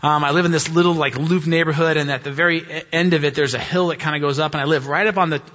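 A man preaching a sermon, chatty and self-mocking, with a bright, forward and slightly high voice. He sounds like a pastor talking to his congregation. The recording has a long church-hall echo and a dull, lo-fi quality. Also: fairly even intonation, fast. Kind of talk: sermon with a humorous personal story.

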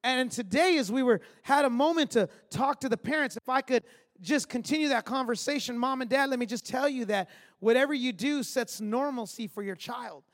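A pastor in his thirties preaches with a strikingly high voice, telling stories and tossing in emphatic little asides to the congregation. His sermon rings out with the long reverb of a large hall. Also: fairly quick. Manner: storytelling, conversational, emphatic asides.

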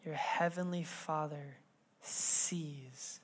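In church, a pastor in his thirties delivers a sermon, recounting a family story conversationally as he swings from soft asides to loud bursts. His pitch is fairly high, and he draws out his words.

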